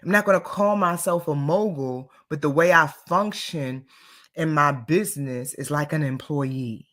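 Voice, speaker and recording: A woman's voice: sits low, unhurried. Emphatic self-assured woman coach. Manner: emphatic and self-assured, shifts between loud and soft. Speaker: business coach. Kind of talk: motivational talk.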